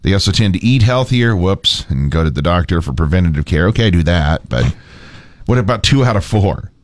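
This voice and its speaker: A man's voice: low-pitched, lively intonation, fairly quick, dry recording. A man hosting a morning radio show, chatting casually and making dry, self-deprecating jokes.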